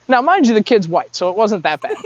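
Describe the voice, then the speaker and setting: A man's voice: sits high, no echo, rough recording. A man telling rambling, profane boot camp stories in a casual podcast chat, laughing often.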